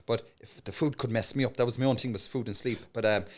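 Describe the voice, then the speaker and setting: A man's voice: medium pitch, fast. A man with a Cork Irish accent, a guest comedian telling a story casually and acting out the voices in it. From Cork, Ireland. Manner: animated, acts out voices in his stories.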